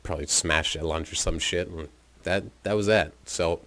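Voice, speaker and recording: A man's voice: sits low, fairly even intonation, normal speed, sharp tone, no echo. A young man casually telling a story from his room, laid-back, amused and freely profane. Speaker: vlogger.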